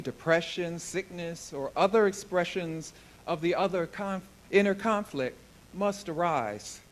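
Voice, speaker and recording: A man reading a book excerpt aloud at a spiritual service in an earnest, deliberate way. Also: on the high side, a little hiss or hum, low-quality recording. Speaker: guest reader at a spiritual service.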